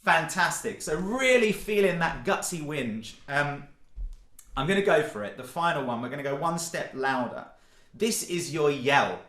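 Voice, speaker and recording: A man leading an online singing warm-up, encouraging and cheerful, often breaking into loud demonstration sounds. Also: on the high side, animated, moderate pace, echoey room. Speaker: singing workshop leader. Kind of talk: online vocal warm-up session.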